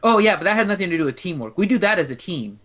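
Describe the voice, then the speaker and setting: A man's voice: sits high, very animated, very fast, crowd noise. A man playing a tabletop role-playing game in a chatty, playful way, talking as his character. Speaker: player. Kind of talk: casual tabletop play.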